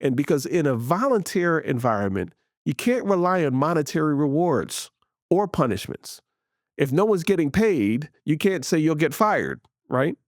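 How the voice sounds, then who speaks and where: A man's voice: on the high side, big pitch swings, normal speed, dry recording, studio quality. A man hosting a faith-based leadership show, teaching in an earnest, emphatic way and repeating key words for stress. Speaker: podcast host. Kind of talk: motivational teaching talk.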